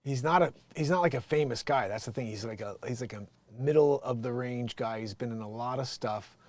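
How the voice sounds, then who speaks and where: This is a man running a loose, casual livestream, thinking out loud as he goes. His voice sits at a middling pitch and keeps sliding between quiet, almost whispered mumbling and sudden loud excitement. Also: brisk, dry recording. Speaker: livestream host.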